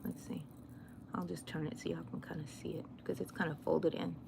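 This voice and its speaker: A middle-aged woman, chatting casually with viewers on a crochet livestream, given to sudden excited squeals. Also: low voice, fairly quick, vocal fry, heavy background noise.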